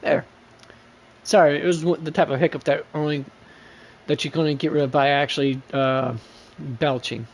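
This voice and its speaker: A man's voice: on the high side, steady tone, moderate pace. A man streaming a game live, chatting and joking at his own expense. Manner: chatty, self-deprecating, laughs often.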